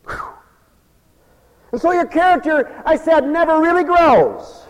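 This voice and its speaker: A man preaching a fiery, folksy sermon, swinging from hushed asides to shouts. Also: very high-pitched, lively intonation, unhurried, in a large hall, lo-fi sound.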